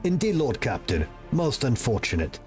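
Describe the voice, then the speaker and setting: A man's voice: medium pitch, big pitch swings, normal speed, a little mellow, soft background music, natural voice. A man voicing a cruel female master-at-arms in a game, speaking in a clipped, cold, relishing manner.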